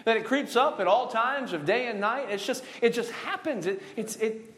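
A man's voice: extremely high pitch, expressive, a bit bright. A male pastor preaching a sermon, joking with the congregation and calling for responses, stretching out key words. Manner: call-and-response preaching, drawn-out emphasis; jokey, laughing asides. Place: church sanctuary.

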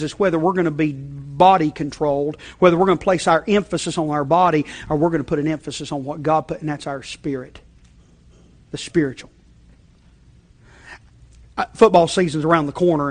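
High-voiced conversational male preacher. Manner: conversational, repeating check-ins, frequent restarts; shifts between loud emphasis and quiet low asides. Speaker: pastor. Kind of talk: sermon.

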